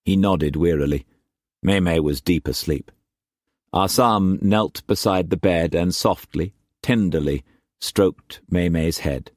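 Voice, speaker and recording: A man narrating an audiobook in a measured, expressive reading. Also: sits low, no room sound, clean studio sound.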